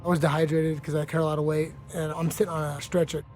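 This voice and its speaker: A man's voice: fairly high pitch, little pitch movement, quick pace, a little mellow. Blunt, profane man telling a fight story. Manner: blunt, profane, laughing at himself. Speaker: fighter interviewed in a documentary. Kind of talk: candid interview storytelling. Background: background music.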